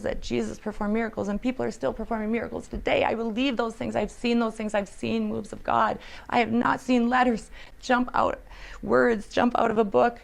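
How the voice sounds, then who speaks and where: A woman's voice: fairly high pitch, gravelly. A woman telling an earnest, emotional personal testimony, sometimes dropping to a whisper. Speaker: storyteller.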